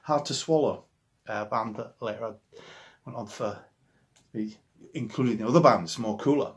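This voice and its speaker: A musician guest in his forties with a Yorkshire accent chats casually and enthusiastically about the records that shaped him. He speaks in a mid-range voice at a moderate pace, rambling and restarting often.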